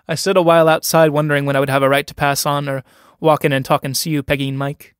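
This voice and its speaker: Nervous, awkward young suitor, voiced by a male reader; hesitant and uneasy, fairly high. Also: level tone, quick pace, a bit bright, clear, resonant tone, no room sound, clean studio sound, close to an everyday voice. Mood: timid. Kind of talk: dramatic play reading.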